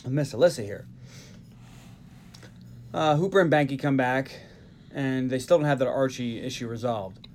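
Casting: man in his forties, from the Northeastern US, podcast host, animated, chatty, mid-range voice. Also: medium pitch, slight background noise. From Northeastern United States. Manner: animated storytelling with quick asides and laughs. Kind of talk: casual movie recap chat.

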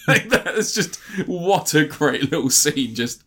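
A man's voice: high-pitched, very animated, normal speed, few pauses, fairly bright tone. A man co-hosting a casual podcast chat, laughing often, swearing freely and trailing off mid-sentence. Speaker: podcast co-host.

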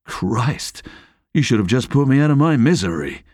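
A man's voice: mid-range voice, lively intonation, moderate pace, a little mellow, dry recording, clean studio sound, voice pushed up, natural voice. A man voicing a brash young male detective from Essex, cheeky and complaining. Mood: sarcastic.

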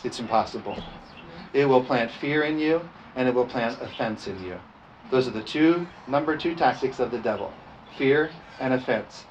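A man's voice: mid-range voice, moderate pace, highs cut off, slight background noise. A man preaching a sermon as pastor, emphatic and repetitive, calling for responses from the congregation.

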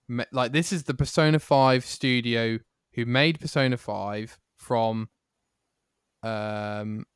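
A man with a smooth, clear voice, steering a gaming podcast through its rundown in easy chat. He keeps putting questions to his co-host. The sound is close and dry. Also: mid-range voice, dry recording. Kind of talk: casual chat.

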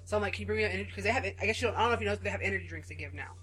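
A woman's voice: mid-range voice, very fast, fairly bright tone. A woman in her thirties chatting casually and animatedly, full of "like" fillers. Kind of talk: casual chat.

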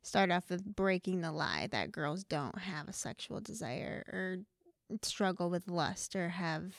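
An earnest young woman chatting casually, her voice carrying a strong gravelly fry. The recording is dry and close. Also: lowish voice, expressive, unhurried, dry recording. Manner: earnest, chatty, lots of "like" and "you know". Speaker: co-host. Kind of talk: casual faith discussion.

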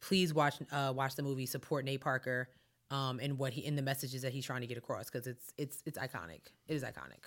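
A woman co-hosting a podcast, animated and playful. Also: a bass voice, fairly quick. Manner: animated, playful, emphatic recommendations. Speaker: podcast co-host. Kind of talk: casual chat.

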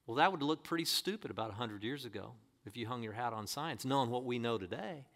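A man's voice: mid-range voice, animated, fast talker, fairly bright tone. A man preaching a sermon as pastor, reading scripture and pressing the congregation with emphatic rhetorical questions.

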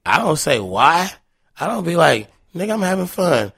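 Man, gravelly voice, dry close sound, casual profane storytelling. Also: on the high side, sing-song, normal speed, a bit bright, dry recording. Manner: loose, profane, laughing anecdotes. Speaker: guest.

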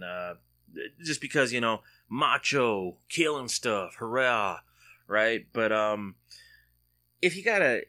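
Lively, bright-voiced male podcast host. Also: mid-range voice. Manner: rambling and joking, with frequent restarts. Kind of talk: casual solo podcast chat. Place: at home.

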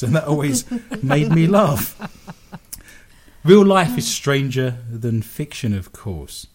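A man's voice: mid-range voice, big pitch swings, slow. A man hosting a radio show, telling odd stories with wry, jokey asides. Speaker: radio host. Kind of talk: comic storytelling on radio.

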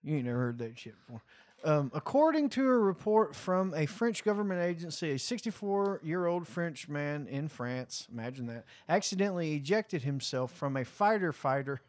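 A man's voice: fairly high pitch, very animated, normal speed, a little mellow, no room sound. A man in casual, crude chat, reading out headlines with lots of laughter. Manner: crude, laughing, rambling delivery.

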